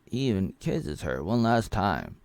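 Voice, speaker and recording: A man's voice: fairly low pitch, sing-song, a little slow, darkish tone, smooth, dry recording. A man casually recapping an old film, rambling and joking as he retells the plot. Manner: rambling, jokey retelling with acted-out quotes. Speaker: film reviewer.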